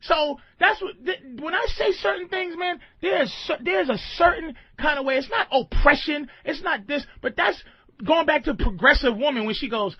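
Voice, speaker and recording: Loud, animated man ranting on radio. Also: moderate pace, no room sound, dull audio. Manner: loud, emphatic, swings between booming and mumbling. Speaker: radio show host. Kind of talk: loose comedic radio rant.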